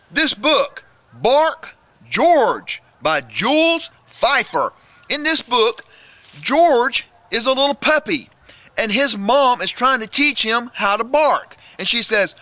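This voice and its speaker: A man's voice: very high voice, very animated, slow pace, sharp tone, no room sound. A man giving a playful booktalk to children, addressing them directly and building suspense. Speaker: children's book reviewer.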